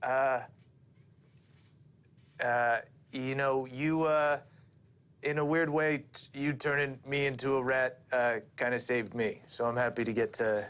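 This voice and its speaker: Bright-voiced sheepish man, tabletop player. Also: medium pitch, steady tone, measured pace, clean tone. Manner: sheepish, hedging, filler-heavy. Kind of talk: tabletop role-play chat.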